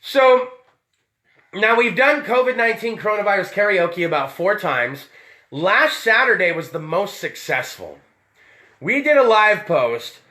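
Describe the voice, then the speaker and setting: A man's voice: high-pitched, very animated, measured pace, pushed and bright. A man hosting a live-streamed show, talking in a loose, tipsy, heavily profane way. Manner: rowdy, tipsy, swears a lot. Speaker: podcast host.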